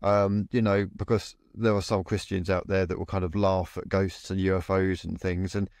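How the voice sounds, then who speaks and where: Man, low voice, measured co-host, dry recording. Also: flat delivery, darkish tone, dry recording. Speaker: podcast co-host. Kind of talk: casual conversation.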